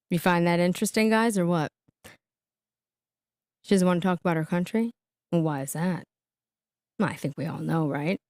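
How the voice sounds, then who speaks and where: A woman hosting a live reaction stream, chatty and quick to laugh, who keeps checking in with "okay?" as she comments. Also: fairly low pitch, gravelly, darkish tone, no room sound, clean studio sound.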